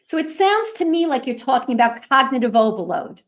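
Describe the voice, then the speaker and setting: Host, woman, Brooklyn accent, high bright pitch, chatty. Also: animated, a little fast. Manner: chatty, prompting questions. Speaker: podcast host. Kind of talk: casual panel discussion.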